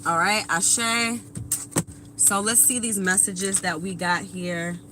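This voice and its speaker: A woman's voice: medium pitch, steady tone, slow pace, background noise. A woman in her thirties doing a casual live tarot reading, talking bluntly and with profanity straight to her viewers. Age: 30s. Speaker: tarot reader.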